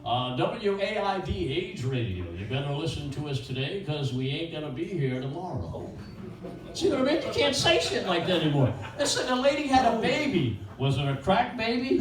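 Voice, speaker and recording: A man's voice: a little high, very animated, moderate pace. An older man doing rambling, crude stand-up comedy at an open mic in a small bakery, jumping between one-liners. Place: small bakery venue with few people. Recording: roomy echo from a distant mic, faint ambience.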